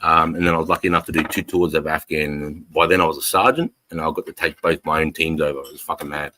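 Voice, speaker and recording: A man's voice: rumbling low, fairly even intonation, fast, bright, forceful tone, poor audio. An Australian man in his forties hosting a casual livestream, blunt and sweary as he reads the chat and greets viewers as brothers. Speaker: livestream host reading chat.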